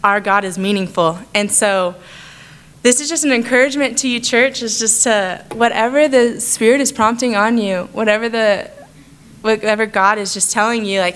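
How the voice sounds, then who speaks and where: At a moderate pace and in a slightly high, clean, somewhat bright voice, a young adult woman tells her church a heartfelt personal testimony, keeping her delivery earnest and conversational.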